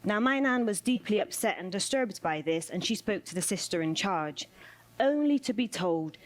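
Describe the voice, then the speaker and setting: A woman delivering a spoken word performance in a measured, rhythmic way, returning to repeated refrains. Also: mid-range voice, lively intonation. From United Kingdom.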